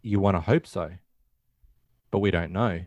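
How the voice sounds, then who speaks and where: Male co-host, low register, casual rambling recap, dry close sound. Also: moderate pace, a little mellow, no room sound, lo-fi sound. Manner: rambling, acts out quotes in passing. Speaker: podcast host. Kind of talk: casual film recap chat.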